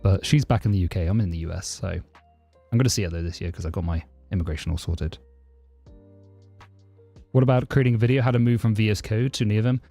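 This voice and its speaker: A man's voice: on the low side, fairly quick, creaky, faint music behind. A man from southeast London with a southern English accent close to received pronunciation, chatting casually on a live stream and answering viewers. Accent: southern English, close to received pronunciation but less posh. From southeast London, England. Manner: chatty, answers chat questions, thanks subscribers warmly. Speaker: livestreaming programmer.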